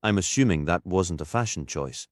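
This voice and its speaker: A man voicing a sharp-tongued Scottish female detective in her fifties, teasing and dry, for an audiobook. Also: low voice, expressive, normal speed, dry recording. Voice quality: rich, musical. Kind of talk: audiobook character voice.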